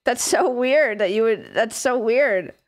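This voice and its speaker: A woman streamer chatting casually on a live stream, giggling often and swearing as she rambles excitedly. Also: a little high, unhurried. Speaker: livestreamer.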